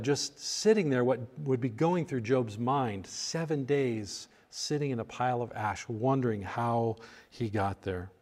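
A man preaching a sermon, reflective, his voice swelling and then falling to hushed lines. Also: medium pitch. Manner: reflective, rises and drops to near hushed lines. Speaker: pastor.

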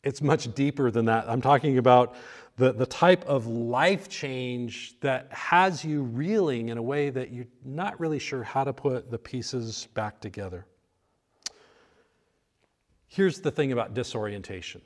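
Pastor preaching, thoughtful, goes soft and quiet then lifts again. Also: male voice, medium pitch, unhurried. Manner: reflective, rises and drops to near hushed lines. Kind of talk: sermon.

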